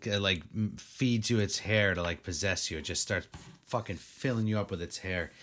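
Very deep-voiced laid-back man co-host. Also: moderate pace. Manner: relaxed, laid-back, chiming in. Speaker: podcast co-host. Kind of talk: casual chat about an anime.

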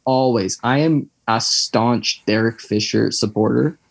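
A man's voice: medium pitch, measured pace, vocal fry, no echo. A young man, chatting casually as a podcast co-host, rambling with lots of fillers and tangents. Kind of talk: casual chat.

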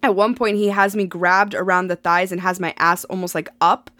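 A frank, chatty woman tells a personal story on a podcast, laughing easily and leaning on fillers. Her voice sits at an ordinary middle pitch. The sound is close and dry, with no room around it. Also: little pitch movement, normal speed, a bit bright, dry recording. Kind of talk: candid casual storytelling.

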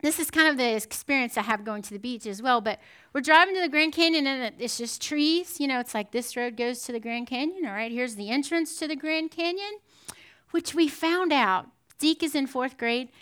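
A woman giving a sermon in a conversational, animated storytelling manner, often checking in with the listeners. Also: sits high, normal speed, smooth. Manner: animated storytelling with frequent "right?" asides. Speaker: preacher.

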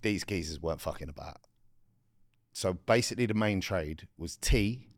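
Deep-voiced man, blunt and slangy. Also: moderate pace, no echo. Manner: blunt, slangy, explaining at length. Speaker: podcast co-host. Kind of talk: casual chat.

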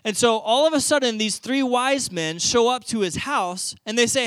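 A man preaching with a high-pitched voice, telling the story in a casual, animated way. The sound is dry and close, with no room echo. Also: normal speed, few pauses, smooth. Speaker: pastor. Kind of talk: sermon.

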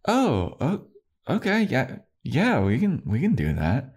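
A woman's voice: very deep voice, wildly swooping pitch, slow pace, darkish tone, breathy edge, pitched above the performer's own voice, exaggerated voice. Tara, as a man plays a shy young witch. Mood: hesitant.

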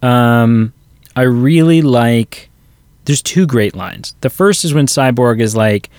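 A man's voice: mid-range voice, slow pace, darkish tone, clear, resonant tone, dry recording. A man co-hosting a podcast, chatting casually about a film and retelling scenes with quoted lines. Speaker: podcast co-host. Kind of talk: casual movie review chat.

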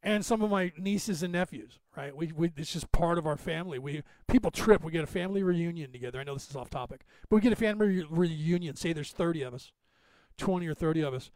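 A man hosting a podcast, talking quickly in a rambling, digressive monologue. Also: on the high side, darkish tone, dry recording. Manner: rapid, talkative, digressive. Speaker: podcast host.

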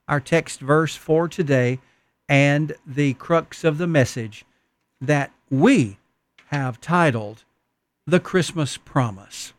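A man's voice: fairly high pitch, takes it slowly, no room sound. A man preaching a Christmas sermon, telling stories in an earnest, folksy way. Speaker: pastor.

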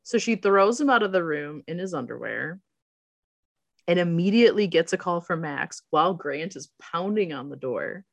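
A woman's voice: fairly low pitch, expressive, moderate pace, creaky, no echo. A woman casually recapping a TV episode as a podcast co-host, acting out characters' lines and laughing often. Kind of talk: casual chat.

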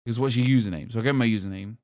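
A man from England chats on a gaming podcast. His voice sits in the middle of the range and the sound is dry and close. He tells stories in an animated way and laughs as he talks. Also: mid-range voice, racing, dry recording. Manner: animated storytelling, quoting others, laughing. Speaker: podcast host. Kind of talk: casual chat.

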